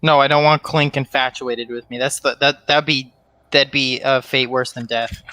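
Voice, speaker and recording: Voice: mid-range voice, fairly even intonation, normal speed, sharp tone, slight background noise. A tabletop game player in casual chat, joking around playfully.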